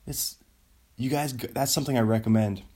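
A man's voice: mid-range voice, brisk, mellow, slightly rough. A man rambling in a casual solo chat, often trailing off and laughing at his own ideas. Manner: meandering, self-interrupting, laughs often.

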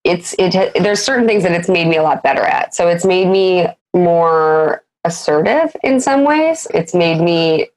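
A woman in her thirties, a business founder as a guest, talking candidly and haltingly in casual interview chat. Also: lowish voice, expressive, a little mellow, low-quality recording. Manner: candid, halting, many fillers and restarts.

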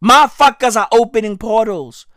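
A man delivering a profane comedic rant to camera, slangy and repetitive, with sudden loud outbursts. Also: high-pitched, moderate pace, dry recording, clean studio sound. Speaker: comedic ranter.

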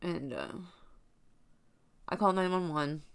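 A young woman with a lowish voice tells a personal story off the cuff. She is blunt and swears freely, rambling with plenty of fillers and restarts. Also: expressive, takes it slowly, gravelly, clean tone, no room sound.

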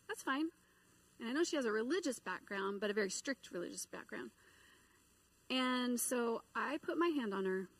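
A middle-aged woman giving a sermon, telling a personal story in an animated way and acting out the voices she quotes. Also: a little high, normal speed, rough recording. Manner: animated, acts out quoted voices and inner dialogue. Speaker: preacher.

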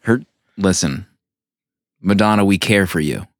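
Lively, playful man hosting a podcast. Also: deep voice, dry recording, clean studio sound. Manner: playful and teasing, quick to laugh. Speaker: podcast host. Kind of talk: casual chat.

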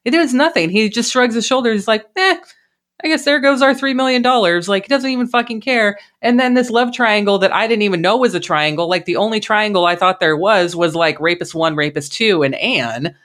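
A woman's voice: medium pitch, brisk, hardly any pauses, fairly bright tone. Woman podcast host, casual movie recap, swears a lot, laughs at how dumb it is. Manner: swears freely, laughing in disbelief.

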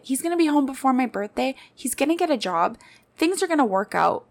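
A woman's voice: a little high, lively intonation, fairly quick. Earnest young woman podcaster, heartfelt. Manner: earnest, heartfelt, talks straight to listeners. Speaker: podcast host. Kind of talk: personal podcast monologue.

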